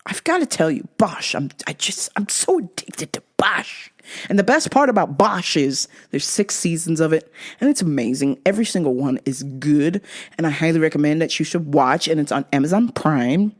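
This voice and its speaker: A woman podcast host telling a story in a casual, profane, animated way. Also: sits low, brisk. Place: in London.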